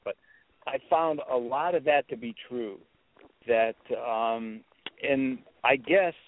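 Male guest storyteller, animated, pops into a high voice for quotes; tinny phone-like audio. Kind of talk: storytelling on a talk show. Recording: tinny phone-line sound.

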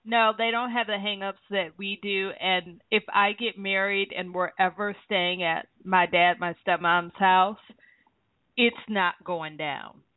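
A woman's voice: medium pitch, fairly even intonation, unhurried, no room sound. A woman hosting a talk show, asking questions and chatting candidly with her guest. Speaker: show host. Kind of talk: radio interview talk. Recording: tinny phone-like radio sound.

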